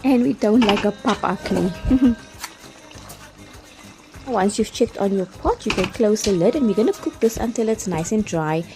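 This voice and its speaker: A woman's voice: mid-range voice, moderate pace, long pauses. Chatty woman cooking. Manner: chatty, step-by-step instructions with light laughs. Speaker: cooking vlogger. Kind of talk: cooking tutorial voice-over. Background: background music.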